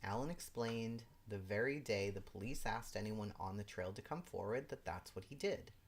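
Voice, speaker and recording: A woman's voice: extremely low pitch, expressive, moderate pace, slightly rough. A woman hosting a live stream, reading a legal brief aloud and breaking off into exasperated, disbelieving remarks. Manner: exasperated, incredulous asides. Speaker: livestream host.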